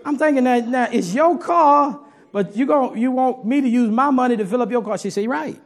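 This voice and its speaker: A man's voice: extremely high pitch, brisk. A man preaching a sermon to his congregation in a folksy, humorous way, talking straight to the listeners.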